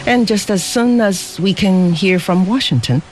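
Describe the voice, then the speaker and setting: A man's voice: high voice, unhurried, soft background music, voice pushed up, poor audio. A man reading the part of a male customs officer in an audiobook story, in a firm, official, matter-of-fact tone.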